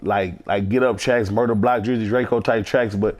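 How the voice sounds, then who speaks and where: A man's voice: fairly low pitch, fairly even intonation, normal speed. A man in his thirties from Houston, a rapper talking bluntly and profanely in a casual interview. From Houston, Texas. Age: 30s. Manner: blunt, profane street talk. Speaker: rapper guest.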